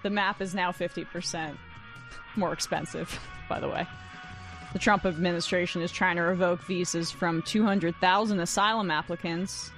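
A woman's voice: on the low side, steady tone, a bit bright, faint music behind. A young adult woman hosting a news talk show, reading headlines and commenting in a casual, sarcastic way with frequent laughs. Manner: wry and sarcastic, quick to laugh. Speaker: fill-in news show host.

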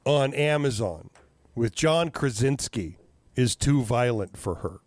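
A man chatting casually, telling animated stories, swearing freely and acting out what people said. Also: medium pitch, slow, no room sound. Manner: animated storyteller, swears freely, acts out quotes. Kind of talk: casual chat.

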